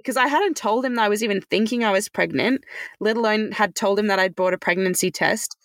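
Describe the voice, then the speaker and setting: A woman's voice: mid-range voice, fairly quick, a bit bright, no room sound. A woman telling a personal story as a podcast guest, chatty and casual, with many fillers.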